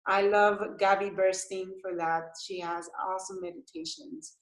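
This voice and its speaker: A woman from Costa Rica, a mother of young children, talking as an interview guest in an animated way, laughing often and restarting her sentences. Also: medium pitch, moderate pace, echoey room, rough recording. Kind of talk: casual interview chat.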